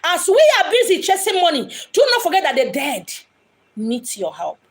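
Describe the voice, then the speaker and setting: At her home in Lagos, an Igbo-speaking spiritual medium originally from Abia State gives a fervent, theatrical monologue in a Nigerian accent, performing each quoted voice. She talks at a normal speed in a high-pitched voice whose pitch swoops wildly.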